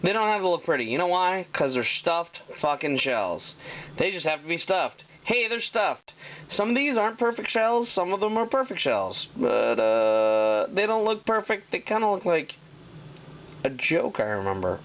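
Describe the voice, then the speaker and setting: A man's voice: high-pitched, big pitch swings, normal speed, lo-fi sound. A man hosting a casual home cooking show, swearing and joking as he talks. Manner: profane, joking, rambling. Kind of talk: casual cooking demo with crude jokes. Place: home kitchen.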